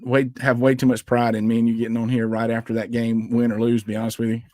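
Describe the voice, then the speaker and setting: A man co-hosting a sports podcast in an easygoing, chatty way, keeping the rundown moving. His voice sits in an ordinary middle pitch. The sound is dry and close, with little room around it. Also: completely flat delivery, fast talker, darkish tone, dry recording. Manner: upbeat, chatty, wraps up with show announcements. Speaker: podcast co-host. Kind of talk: casual sports chat.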